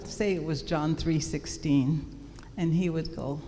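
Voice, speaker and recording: A woman's voice: lowish voice, big pitch swings, a little slow, a little mellow. A woman from England telling a church audience about her courtship in a chatty storytelling way, mimicking family voices. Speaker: pastor's wife. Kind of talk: personal testimony to a church audience. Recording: long hall reverb, faint background noise.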